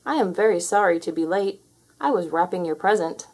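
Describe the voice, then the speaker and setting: A woman reading as a gentle storybook frog. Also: lowish voice, fairly quick. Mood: apologetic. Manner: gentle and apologetic. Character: calm polite male frog, storybook friend.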